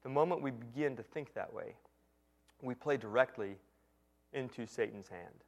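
A man preaching a sermon in an earnest teaching tone, slowing and dropping quiet to stress key lines. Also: mid-range voice.

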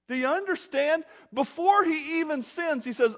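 A high-pitched man preaching from the pulpit. His delivery rises and falls sharply in loudness, dropping to near murmurs and then bursting out almost to a shout. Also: lively intonation, moderate pace, hardly any pauses. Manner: dynamic, swings between quiet asides and loud outbursts. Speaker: pastor. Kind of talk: expository sermon.

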